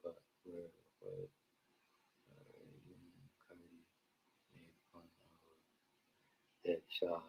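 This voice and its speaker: A man's voice: deep voice, sing-song, very slow, creaky, pauses often, dark tone, reverberant, poor audio. A man hosting a casual reaction stream, rambling with many fillers and repeated words. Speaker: stream host.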